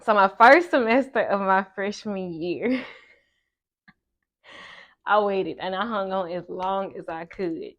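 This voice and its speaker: A young woman telling a personal story, swinging between loud exclamations and soft asides. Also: medium pitch, slow, pauses often. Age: young adult. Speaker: vlogger. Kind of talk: storytime vlog.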